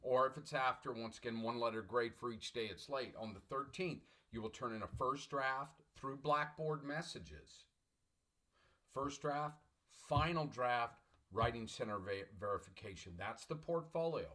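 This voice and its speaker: A middle-aged man, a college English professor, lecturing an online class in an emphatic, repetitive, motivational way and clearing his throat often. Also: mid-range voice, a little slow, pushed and bright.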